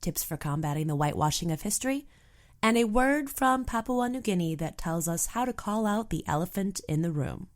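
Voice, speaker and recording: A woman hosting a travel podcast, talking in a frank, animated way with plenty of "like" in her conversational speech. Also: mid-range voice, a little fast. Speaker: podcast host.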